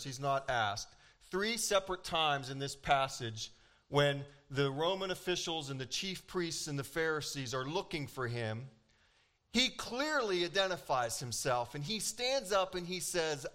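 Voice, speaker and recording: A man preaching a sermon as pastor, animated and emphatic, acting out quoted lines with dramatic pauses. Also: mid-range voice.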